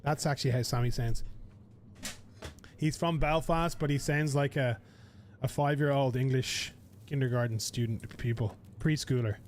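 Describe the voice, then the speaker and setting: A man's voice: mid-range voice, steady tone, moderate pace, darkish tone, slight background noise. Chatty male game streamer. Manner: rambling, chatty, swears casually. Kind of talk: live game stream commentary.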